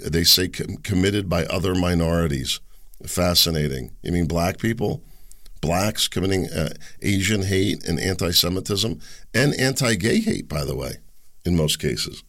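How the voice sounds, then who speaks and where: Deep creaky guy doing a rambling sarcastic politics rant, solo show. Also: animated, moderate pace, a bit bright. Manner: rambling, sarcastic, mocks others in high sneering voices. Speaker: political commentary host. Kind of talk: solo political commentary monologue.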